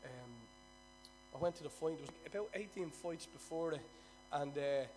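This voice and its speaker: High-voiced Irish preacher. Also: male voice, moderate pace, faint music behind. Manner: storytelling, swings between loud bursts and quiet asides. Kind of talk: sermon.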